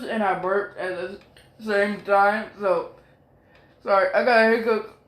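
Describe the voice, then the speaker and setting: A man talks through a fan-made story in loose, rambling fashion, peppering it with curses, ums and quick apologies. His delivery is slow and unhurried. The recording sounds roomy and echoey. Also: sits high, fairly even intonation, fairly bright tone, slight background noise. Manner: rambling, profane, full of fillers and apologies.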